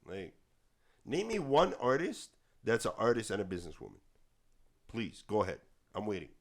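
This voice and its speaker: A man's voice: on the low side, huge pitch swings, moderate pace. A man hosting a podcast, teasing and trash-talking his co-host in casual chat.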